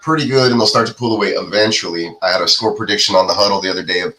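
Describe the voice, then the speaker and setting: A man hosting a live football watch-party show, his voice sitting a little low but bright and forward. He walks through the plays casually, padding his thoughts with "uh" and easygoing asides. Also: racing, poor audio. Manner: laid-back, filler-heavy play-by-play. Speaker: podcast host. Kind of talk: casual live game commentary.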